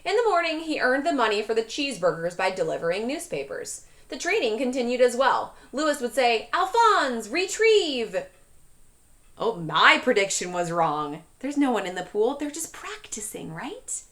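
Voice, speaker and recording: A woman teacher reading a storybook aloud to a class, pausing to ask questions. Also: on the high side. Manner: questioning, expressive.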